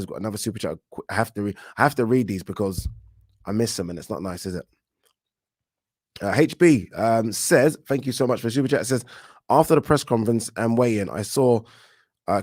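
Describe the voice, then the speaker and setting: A man's voice: lowish voice, dry recording, clean studio sound. Opinionated man hosting a boxing chat. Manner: animated, opinionated, with frequent restarts and laughs. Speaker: boxing channel host. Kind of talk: casual livestream chat reading viewer comments.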